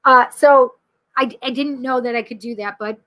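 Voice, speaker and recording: A woman in her thirties from the Rochester area, hosting a casual livestream as a psychic medium, chatty and quick to laugh, acting out the people she quotes. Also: on the high side, steady tone, pushed and bright. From Rochester area, New York. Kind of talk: casual livestream chat, reading viewer comments.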